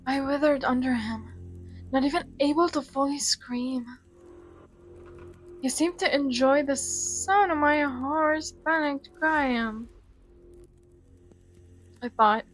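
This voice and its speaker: A woman gaming YouTuber reading a survival visual novel aloud, mixing dramatic reading with joking commentary. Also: sits high.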